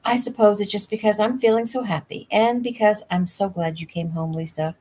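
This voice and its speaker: A woman reading the lines of a tiny, gentle elderly grandmother, in a casual audiobook reading at home. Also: mid-range voice, steady tone, a little fast, slightly rough, voice pushed up, lightly acted, rough recording. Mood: tender. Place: home room.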